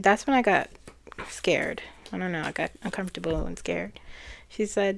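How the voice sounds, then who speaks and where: A woman who reads cards and channels spirits, talking in a slow, hesitant way as she recounts messages. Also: fairly low pitch, gravelly. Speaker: spiritual channeler and card reader. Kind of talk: casual spiritual chat.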